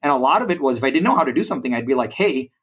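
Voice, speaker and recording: A man in his forties from India, a podcast guest telling stories in an animated conversational way, with frequent fillers and restarts. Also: medium pitch, very fast, breathy edge. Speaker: podcast guest, brokerage president. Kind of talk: conversational storytelling.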